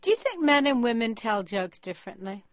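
Woman, radio interview host, animated pitch, playful questioning, dry close sound. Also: brisk, dry recording.

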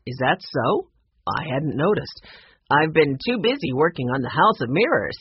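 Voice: medium pitch, big pitch swings, moderate pace, a little hiss or hum. A reader voicing a courteous, kindly man who owns a carousel, in a storybook reading. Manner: warm, courteous. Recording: muffled lo-fi audiobook recording.

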